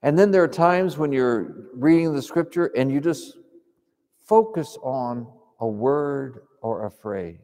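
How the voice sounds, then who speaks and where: A man teaches a congregation in a calm, reflective sermon, talking through prayer like he's chatting with friends. His voice is gravelly and mellow. The sound hangs in a long hall reverb. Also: mid-range voice, measured pace. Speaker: preacher.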